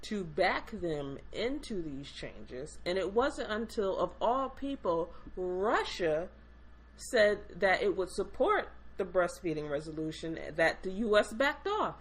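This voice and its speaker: A woman's voice: fairly low pitch, big pitch swings, takes it slowly, rough recording. A woman co-hosting a podcast in casual chat, blunt, sardonic and profane. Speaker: podcast co-host.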